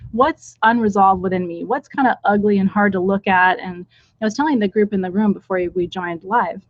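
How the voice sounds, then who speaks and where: A woman's voice: medium pitch, a little fast, no room sound. Candid woman teacher on a dull, dry stream. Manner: candid, chatty, blunt, with frank asides. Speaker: spiritual teacher leading a live ritual. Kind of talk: casual live-stream talk. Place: indoors with a small group in the room.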